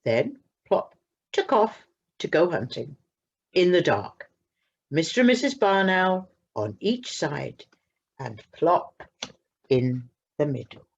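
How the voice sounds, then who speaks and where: A woman reading a children's story aloud at a church service, with slow, expressive storytelling. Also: deep voice, husky, lo-fi sound.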